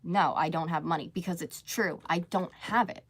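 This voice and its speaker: A woman's voice: lowish voice, steady tone, moderate pace, slightly rough. A young woman talking candidly to viewers on a live stream, rambling with many fillers and restarts.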